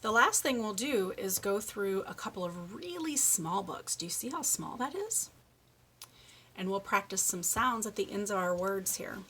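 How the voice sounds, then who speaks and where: A woman giving a children's speech lesson, reading a picture book aloud and slowly modeling words for a young child to repeat. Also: medium pitch, lively intonation, pushed and bright, breathy edge. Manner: slow, encouraging, exaggerates word sounds for a child. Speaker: speech therapist.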